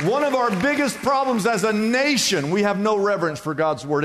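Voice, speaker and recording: A man with a high-pitched voice delivers a sermon from the pulpit. He preaches with emphasis, climbing on key words and then sinking low and quiet. The sound carries a long, ringing church reverb. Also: a little fast, a faint crowd, a little hiss or hum. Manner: emphatic preaching, swinging between loud and hushed. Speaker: pastor.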